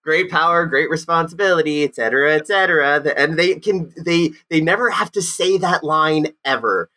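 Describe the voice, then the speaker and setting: Casting: fairly high male voice, eager, gushing, relaxed podcast banter. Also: moderate pace. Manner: enthusiastic, gushing. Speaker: podcast co-host. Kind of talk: casual chat.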